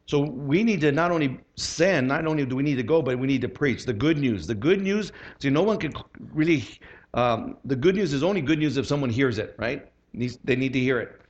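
A man's voice: mid-range voice, lively intonation, brisk, muffled recording. A middle-aged man giving a sermon as a pastor, earnest and conversational, with lots of fillers and restarts.

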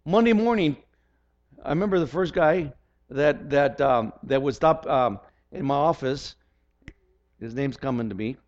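A man's voice: medium pitch, a little slow, pauses often, a little mellow. An older man preaching a sermon as pastor, earnest and often repeating words as he restarts his sentences. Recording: dull lo-fi recording.

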